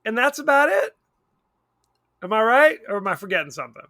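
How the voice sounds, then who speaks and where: Lively high-voiced man chatting films. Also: brisk, no echo. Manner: rambling, wry, self-correcting. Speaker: podcast co-host. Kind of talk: casual movie chat.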